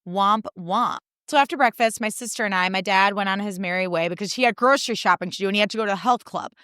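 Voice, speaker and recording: Chatty young woman podcast host, smooth voice. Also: mid-range voice, quick pace, fairly bright tone, dry recording, clean studio sound. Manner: chatty, exasperated, acts out quoted people in funny voices; heavy use of "like" as filler. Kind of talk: casual storytelling monologue.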